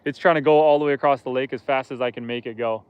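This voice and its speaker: A man's voice: medium pitch, steady tone, quick pace, smooth, no room sound, highs cut off. A man hosting a casual live stream outdoors on a lake from a boat, chatting with viewers in a joking, self-deprecating way.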